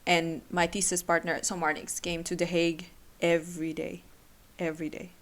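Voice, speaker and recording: Young female solo podcaster, emotional and halting, near tears, slightly low pitch. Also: little pitch movement. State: tearful. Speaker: podcast host.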